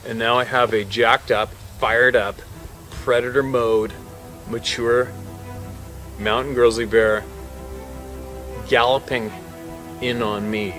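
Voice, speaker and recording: A man who works as a hunting guide, telling a story in a casual, animated way, swearing freely and acting out what people said. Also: mid-range voice, takes it slowly, pauses often, soft background music. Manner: animated, swears freely, acts out quotes, laughs mid-story.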